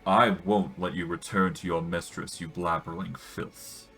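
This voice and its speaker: A man's voice: sits low, fairly even intonation, measured pace, a bit bright, soft background music, pitched below the performer's own voice, exaggerated voice. Skeletor, a man voicing a haughty sorcerer. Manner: insulting, haughty. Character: arrogant villainous skull-faced male sorcerer.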